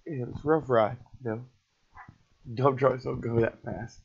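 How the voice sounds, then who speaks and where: A middle-aged man telling an emotional personal story in a halting, repetitive, raw way. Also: medium pitch, fairly even intonation, vocal fry, breathy edge. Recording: dull lo-fi recording.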